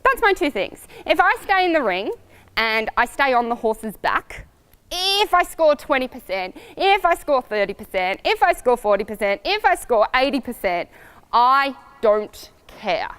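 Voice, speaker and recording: A middle-aged woman riding coach talking casually to camera, animated and storytelling with laughs. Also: sits high, unhurried, clear, resonant tone.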